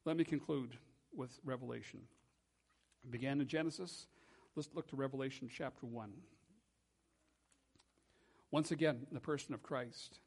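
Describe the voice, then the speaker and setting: In a church, a male pastor delivers a sermon in a medium-pitched voice. He sounds earnest and measured, slowing down and going soft when he wants to emphasize something.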